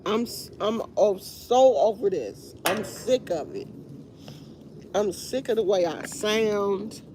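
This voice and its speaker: Congested woman chatting slow on her live, tired and over it, faint hiss behind. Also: mid-range voice, animated. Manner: rambling, tired and fed up. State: congested, stuffy nose. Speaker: livestream host. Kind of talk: casual live chat with viewers.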